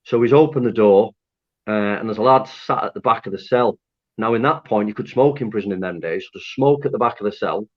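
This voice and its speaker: A man with a fairly low voice tells his story candidly and with animation. He swears freely and laughs at himself as he goes. The recording is dull and muffled. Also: a little fast. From Lancaster, North West England. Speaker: interview guest. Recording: dull lo-fi audio.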